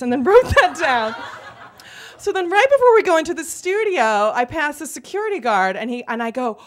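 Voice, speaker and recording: A woman telling a comic true story live on stage, animated and acting out the people she quotes. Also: sits high, normal speed. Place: theater stage before an audience.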